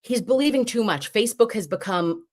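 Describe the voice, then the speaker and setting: A woman in her forties hosting a casual livestream, chatty and animated, acting out the things people said to her. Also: on the high side, a little fast. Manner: animated, chatty, acts out quotes. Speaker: livestream host.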